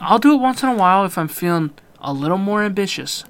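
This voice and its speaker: A man's voice: sits high, animated, fast talker, clean tone, no room sound. Profane, mock-outraged podcast co-host man. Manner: profane, mock-outraged, loud ranting bursts. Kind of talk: casual podcast banter.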